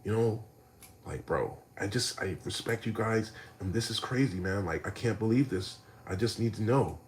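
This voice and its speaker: A man's voice: on the low side, normal speed, a little hiss or hum, natural voice. A man mimicking a meek, whiny young man who mumbles and hesitates.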